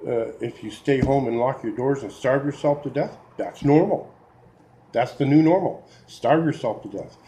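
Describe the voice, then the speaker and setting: A man's voice: mid-range voice, normal speed, mellow, rough recording. A man talking to camera in an exasperated opinion rant, getting worked up, with restarts and sighs. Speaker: video blogger.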